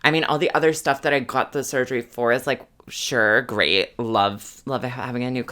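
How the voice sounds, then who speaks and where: Gushing, slangy woman with a smooth voice. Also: a bass voice, fairly even intonation, normal speed, fairly bright tone. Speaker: podcast co-host. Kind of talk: casual chat.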